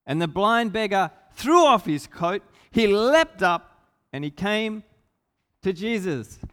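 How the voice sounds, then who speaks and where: Male preacher, slightly high voice, lively storytelling, long hall reverb. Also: takes it slowly, smooth. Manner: animated retelling, shouting out the lines of the people in the story. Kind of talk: sermon retelling a Bible story.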